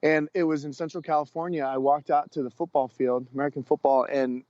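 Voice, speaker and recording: A man speaking as a guest coach educator on a podcast, telling stories in an earnest, expressive way. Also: a little high, brisk, no room sound. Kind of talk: storytelling interview talk. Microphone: podcast microphone. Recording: dull lo-fi sound.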